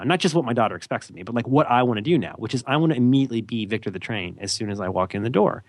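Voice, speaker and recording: Racing along with few pauses, a man at medium pitch and lively intonation co-hosts a podcast. His casual advice chat is rambling and self-deprecating, full of restarts, in a dry recording.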